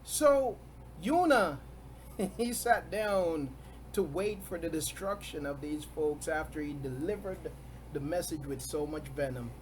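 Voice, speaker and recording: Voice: mid-range voice, slow, a little hiss or hum. A preacher giving a sermon, stressing points by repeating key words and often chuckling between them.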